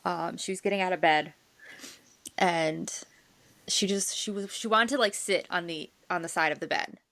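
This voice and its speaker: A woman co-hosting a podcast, starting a personal story in a relaxed, casual way. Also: on the low side, normal speed, dry recording. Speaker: podcast co-host.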